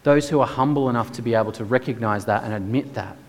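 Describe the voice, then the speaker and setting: A man preaching a sermon with earnest, emphatic rhetorical questions. His mid-pitched voice carries a long reverb from the church hall around him. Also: fast talker, slight background noise.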